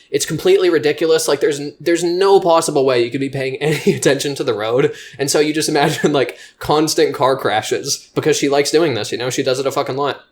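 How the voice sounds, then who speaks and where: A man teaching comedy writing in a loose, rambling way, swearing freely and poking fun at himself. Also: a little high. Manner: loose and rambling, self-deprecating. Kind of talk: casual spoken explanation.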